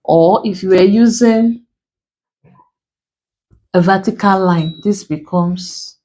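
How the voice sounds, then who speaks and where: A woman with a Nigerian accent teaching an exam prep English lesson, explaining slowly and repeating key terms. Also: medium pitch, mellow, slight background noise. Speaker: English tutor.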